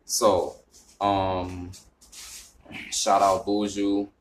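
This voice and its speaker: A young vlogger from the northern US with a New York accent speaks directly to camera in a relaxed way, his voice low and full of fillers, restarts and drawn-out words. When he gets to his explanation, he rises in pitch and grows louder. A slight hiss or hum is audible.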